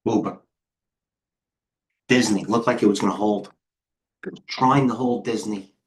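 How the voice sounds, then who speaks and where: A middle-aged man hosting a live trading stream, talking fast and excitably as he flips through charts and speaks to viewers in the chat. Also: on the low side, a little hiss or hum. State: out of breath. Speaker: host and head trader.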